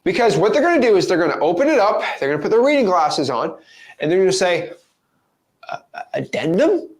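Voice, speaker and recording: A man coaching viewers on real estate wholesaling in an energetic, playful, casual teaching monologue. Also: high voice, fast.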